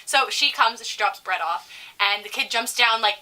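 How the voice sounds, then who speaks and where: A young woman co-hosting a casual podcast, telling lively stories with lots of swearing and acted-out quotes. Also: a little high, normal speed, recorded from a distance, slight background noise, rough recording. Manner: animated, swearing, acts out quoted voices. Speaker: podcast co-host. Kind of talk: casual storytelling chat.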